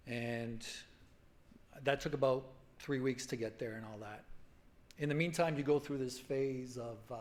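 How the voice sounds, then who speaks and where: A man in his forties telling his own story to a symposium audience, halting and emotional, full of restarts and fillers. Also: mid-range voice. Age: 40s. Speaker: patient speaker at a medical symposium. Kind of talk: personal story told to an audience. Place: conference hall.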